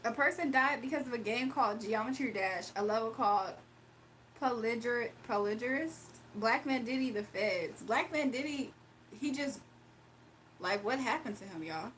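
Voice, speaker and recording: A woman's voice: on the high side, normal speed, a bit bright, a little hiss or hum. A woman hosting a casual live stream, reading chat comments aloud and laughing often. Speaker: livestream host.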